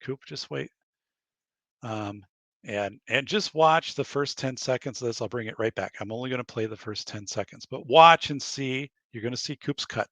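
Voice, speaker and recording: A man's voice: medium pitch, moderate pace, sharp tone, dry recording. A man hosting a podcast in his studio, rambling casually and acting out bits of dialogue while laughing at his own stories. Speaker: podcast host. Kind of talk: casual chat.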